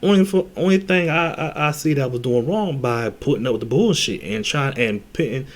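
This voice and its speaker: A man's voice: medium pitch, lively intonation, fairly quick. A man giving dating advice in a casual, blunt monologue, full of slang, cursing and restarts. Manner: blunt, heavy slang and cursing, repeats himself.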